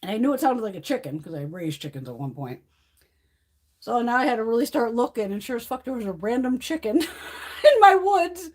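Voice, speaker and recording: Chatty, swearing woman with a lively voice. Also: fairly high pitch, a little fast. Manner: swears freely, chatty, laughs often. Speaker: livestream host. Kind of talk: casual chat. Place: at home.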